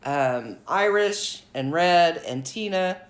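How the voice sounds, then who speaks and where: A woman's voice: lowish voice, expressive, takes it slowly. A woman hosting her own commentary vlog, giving blunt, outspoken opinions in a casual talking style. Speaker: commentary channel host.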